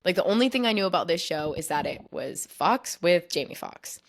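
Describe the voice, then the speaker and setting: A woman's voice: lowish voice, expressive, brisk, vocal fry. A young adult woman hosting a podcast, telling a story in a casual, chatty way and filling her speech with "like". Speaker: podcast host.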